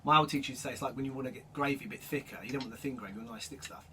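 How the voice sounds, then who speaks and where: A man teaching drum rudiments, explaining each stroke in a relaxed way and calling out the stickings as he plays. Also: mid-range voice, rapid-fire. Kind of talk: instructional demonstration. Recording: distant mic with loud drum noise.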